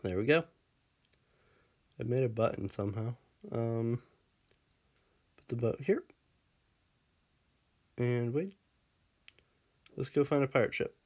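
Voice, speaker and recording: A man's voice: mid-range voice, takes it slowly, long pauses. A man casually commenting on his game as he plays, laughing often and scolding his pet dog in the game before fussing over him. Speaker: Minecraft let's player.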